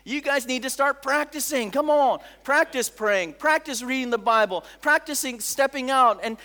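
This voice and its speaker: A middle-aged man preaching a sermon as a pastor, telling stories in an animated way, often saying "come on" and acting out the voices of people he quotes. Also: very high voice, moderate pace. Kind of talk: sermon with storytelling.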